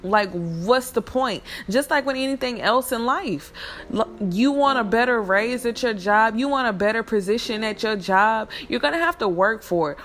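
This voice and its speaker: A woman's voice: a little high, normal speed, a bit bright, a little hiss or hum. A woman venting in a blunt, heated, profane casual monologue.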